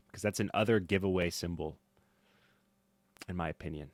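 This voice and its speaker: A man teaching drum mixing in a casual tutorial, thinking aloud with fillers and swinging in loudness. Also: sits low, normal speed, long pauses, no echo. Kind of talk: casual screen-recorded tutorial. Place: home studio. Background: faint music from drum playback.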